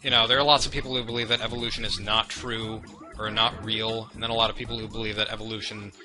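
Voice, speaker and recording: Young guy chatting over a game, wanders off on tangents, music going loud behind him. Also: on the low side, flat delivery, quick pace. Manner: meandering, self-deprecating, chatty tangents. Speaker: let's play commentator. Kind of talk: rambling gameplay commentary.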